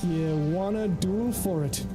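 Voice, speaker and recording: A man's voice: high-pitched, takes it slowly, over music. A man from the American South with a Southern accent, chatting casually and jokingly to his chat while livestreaming a game. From United States. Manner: joking, rambling, talks to chat. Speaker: streamer.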